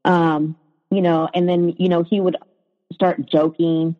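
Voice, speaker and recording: A woman's voice: fairly low pitch, little pitch movement, measured pace. A woman telling her own story in a conversation, hesitant, with frequent fillers and restarts. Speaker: guest sharing her story. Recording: reverberant, dull lo-fi sound.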